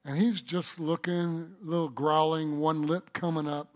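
A man's voice: fairly high pitch, level tone, moderate pace, hardly any pauses. A man preaching a sermon as pastor, talking conversationally and working a joke into his message.

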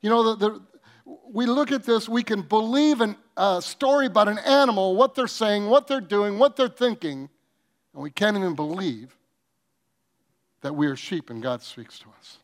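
A man preaching a sermon, telling comic stories with acted-out quotes and swinging between loud bursts and soft, earnest passages. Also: high voice, lively intonation, moderate pace. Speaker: pastor.

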